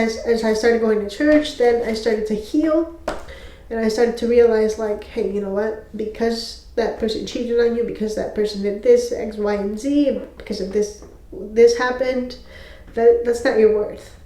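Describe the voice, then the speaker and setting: A young woman talks to camera in a personal faith testimony, emotional and halting, often pausing and restarting. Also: a little high, steady tone, mellow. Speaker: faith video host. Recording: echoey room.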